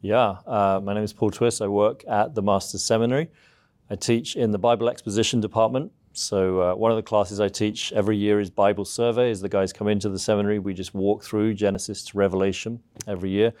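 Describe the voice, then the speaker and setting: Casting: English man, fairly low voice, measured academic guest explaining patiently. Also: fairly even intonation, darkish tone. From southeast England. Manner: measured, explanatory, frequent "uh" fillers. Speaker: seminary professor, guest. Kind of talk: interview answers.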